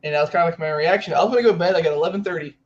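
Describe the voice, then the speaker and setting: A young man with a fairly high voice co-hosts a sports podcast. He rambles excitedly and fills his talk with "like". The audio sounds slightly dull and lo-fi. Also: rapid-fire. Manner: rambling, heavy use of "like", excitable. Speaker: podcast co-host. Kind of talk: casual sports chat.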